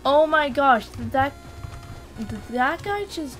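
Excitable young woman screaming at a game. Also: high voice, slow pace, soft background music. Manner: excitable, shrieks and repeats words when things go wrong. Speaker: gaming channel host. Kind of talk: casual gameplay commentary.

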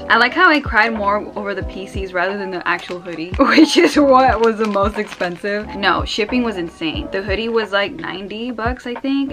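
A young woman filming an unboxing vlog at home, gushing, squealing and tearful, repeating herself breathlessly. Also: mid-range voice. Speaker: vlogger. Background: background music.

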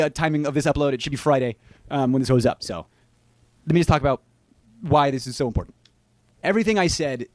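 A man talking to camera in a video, rambling and stammering, animated as he tells his story. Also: mid-range voice, dry recording. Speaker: YouTuber in a played clip.

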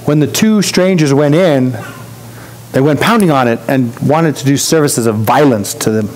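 A man's voice: medium pitch, moderate pace, darkish tone, slight background noise, poor audio. A man preaching a sermon as pastor, in a conversational storytelling way, acting out the voices of people he quotes. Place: church.

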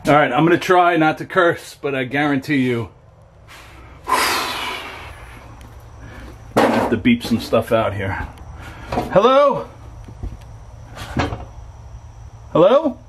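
A frightened, shaky man vlogs a ghost hunt alone at night in and around an abandoned trailer, jittery, muttering to himself and calling out into the dark. His medium-pitched voice moves at normal speed with few pauses over a noisy background, and night insects and crickets are clearly audible.

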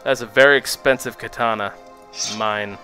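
This young man gives lighthearted, self-mocking, animated commentary over his gameplay as a let's play host. His mid-range voice moves at an ordinary pace, backed by faint music.

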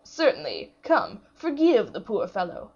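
Audiobook casting: woman reading a self-satisfied prince, slow and coaxing, husky tone, dull lo-fi sound. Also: mid-range voice, wildly swooping pitch, darkish tone, full character voice. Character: vain, pompous royal prince, grown man.

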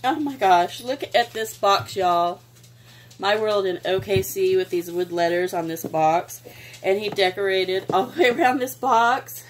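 Woman vlogger, effusive, middle pitch, faint noise behind. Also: a little slow. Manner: gushing, sentimental, exclaims often. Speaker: craft vlogger. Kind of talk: casual unboxing chat.

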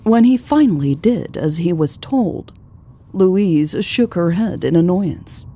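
A woman narrating a romance audiobook in a measured, calm reading. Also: fairly low pitch. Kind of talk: scripted narration.

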